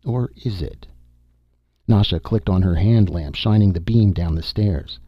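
A man reading a science-fiction story aloud in a steady, even narration. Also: low voice, moderate pace, no echo, lo-fi sound. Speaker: audiobook narrator. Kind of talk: scripted narration.

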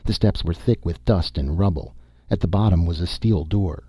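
A man reading a science-fiction story aloud in a steady, even narration. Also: low-pitched, moderate pace, breathy edge, no echo, clean studio sound. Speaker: audiobook narrator. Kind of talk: scripted narration.

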